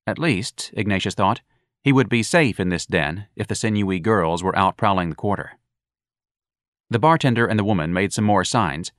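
Male audiobook narrator, low register, dry close recording, wry measured delivery. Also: fairly bright tone, dry recording. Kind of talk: scripted narration.

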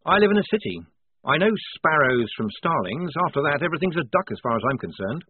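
A man's voice: a little high, very animated, breathy edge, no room sound, pitched above the performer's own voice. A man doing a nervous, eager city writer. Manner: eager, pleading, fast-talking. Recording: narrow phone-like band, dry.

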